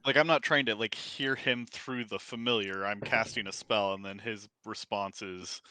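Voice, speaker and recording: A man at a tabletop game who talks earnestly, stopping to clarify the rules. His voice is bright and tense. The recording is dry and close. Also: on the low side, steady tone, moderate pace, no room sound. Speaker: player.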